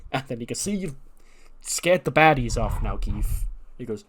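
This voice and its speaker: A man's voice: medium pitch, lively intonation, a little slow, fairly bright tone. A man narrating a wrestling management game in a casual way, laughing often as he improvises stories. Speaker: let's play narrator.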